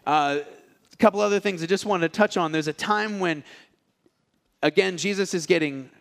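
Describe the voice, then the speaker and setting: A man's voice: sits high, moderate pace, vocal fry. A male preacher giving a casual, joking sermon, acting out the lines of people in his stories. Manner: animated, acts out characters' lines. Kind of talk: storytelling sermon.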